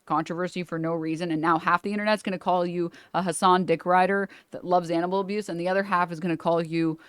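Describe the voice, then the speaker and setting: A woman's voice: fairly low pitch, fairly even intonation, quick pace, clear, resonant tone, dry recording. Young woman laughing through sarcastic commentary. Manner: laughing, sarcastic, swears freely. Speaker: streamer reacting to a video. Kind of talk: casual reaction commentary.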